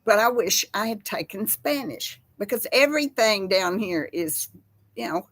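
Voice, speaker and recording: A Texan woman, older, hosting a casual chat from her home kitchen in a slow folksy drawl. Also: medium pitch, lively intonation, a bit bright, no room sound. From Texas. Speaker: host. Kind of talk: casual chat with live chat viewers.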